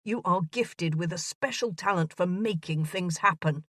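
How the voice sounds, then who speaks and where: A woman voicing an earnest, bumbling gentleman of thirty proposing marriage in a romance audiobook. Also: lowish voice, moderate pace, no echo, clean studio sound.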